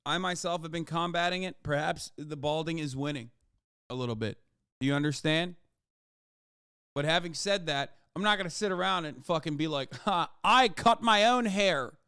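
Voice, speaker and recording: A male streamer holds forth to his live chat with a slightly raised, smooth, resonant voice. He mocks and swears freely, piling on sarcastic asides and restarts. The sound is close and dry, with no room around it. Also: fairly high pitch, normal speed, dry recording. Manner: profane, sarcastic and mocking; animated, with frequent restarts and emphatic asides. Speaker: livestreamer. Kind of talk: casual livestream rant to chat.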